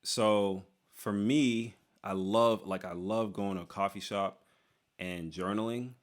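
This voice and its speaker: A man's voice: fairly low pitch, steady tone, takes it slowly. A young man casually answering viewer questions, joking around and trailing off into fillers like "dude" and "like". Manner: loose and joking, lots of "dude" and "like", trails off and restarts. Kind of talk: casual Q&A chat.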